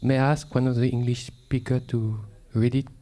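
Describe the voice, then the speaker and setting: French-accented monk, mellow and dark tone, hesitant and polite. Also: male voice, medium pitch, flat delivery, moderate pace. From France. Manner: hesitant, polite, many fillers. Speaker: monk asking a question. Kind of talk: discussion question.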